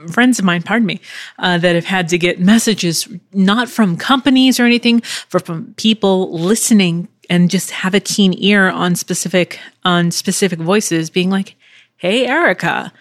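A woman's voice: on the low side, moderate pace, no echo. Rambling woman host in dry, close sound. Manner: rambling, filler-heavy, swears freely. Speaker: podcast host and voice actor. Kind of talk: casual solo podcast chat. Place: living room at home.

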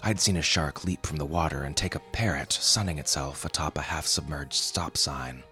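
A man calmly narrating a first-person story. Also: extremely low pitch, normal speed, faint music behind.

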